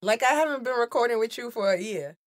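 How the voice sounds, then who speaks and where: A woman's voice: on the high side, expressive, quick pace. A woman co-hosting a podcast in casual chat, playful and teasing, laughing often. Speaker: podcast co-host.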